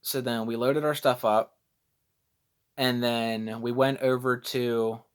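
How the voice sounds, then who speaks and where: A man's voice: mid-range voice, level tone, takes it slowly, clear, resonant tone. A young man vlogging casually, rambling and self-deprecating as he loses his train of thought. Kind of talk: casual vlog storytelling.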